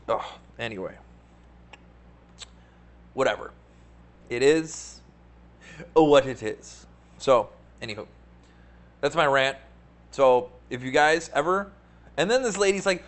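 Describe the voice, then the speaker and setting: A man hosting a live market webcast, talking casually with animated, sarcastic rants and a habit of asking "right?". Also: mid-range voice. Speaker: stock market show host.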